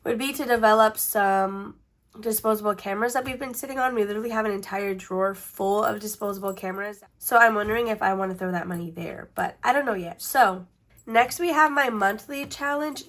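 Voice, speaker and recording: A woman's voice: mid-range voice, brisk. A woman with a congested, stuffy nose, talking casually as the host of a budgeting vlog. She speaks in a chatty way and often restarts her sentences.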